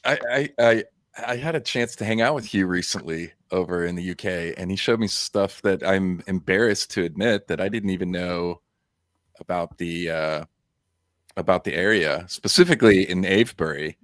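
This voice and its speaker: An easygoing man hosts a casual livestream, with a slightly low voice and a relaxed, filler-heavy delivery. The sound is dry and close, as on a video call. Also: normal speed, no echo. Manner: easygoing, laid-back, with filler words. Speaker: host.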